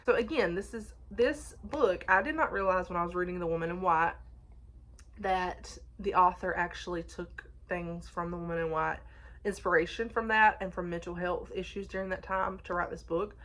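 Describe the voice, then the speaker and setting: Chatty woman reviewing books, low voice. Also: normal speed, a bit bright. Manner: chatty, frequent restarts and fillers, laughs often. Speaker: book reviewer. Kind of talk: casual book review chat.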